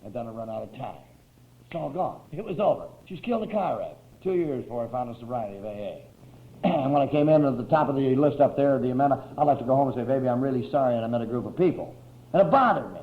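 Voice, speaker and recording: A man telling his recovery story to a meeting in a folksy, wry way, often clearing his throat. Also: medium pitch, expressive, fast. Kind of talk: personal recovery talk. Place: meeting hall with a crowd. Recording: tinny, roomy old tape recording.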